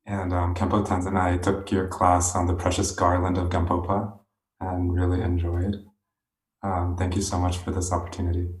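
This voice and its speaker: Very deep, flat-voiced man in a roomy echo. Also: moderate pace. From New York City. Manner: hesitant with fillers. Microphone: video call. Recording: roomy echo on video call.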